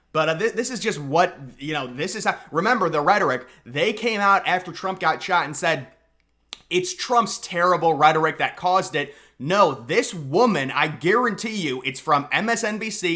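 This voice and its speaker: Bright sarcastic man ranting. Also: fairly high pitch. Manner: sarcastic, mocking, exaggerated outbursts. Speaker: political commentary vlogger. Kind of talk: casual ranting commentary.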